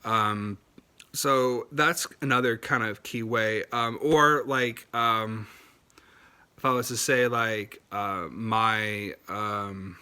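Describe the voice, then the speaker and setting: A man's voice: lowish voice, fairly even intonation, slow pace, bright, forceful tone, smooth. A young man chatting casually to camera about learning languages, in a loose, rambling way with many fillers and restarts. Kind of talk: casual explanatory talk to camera.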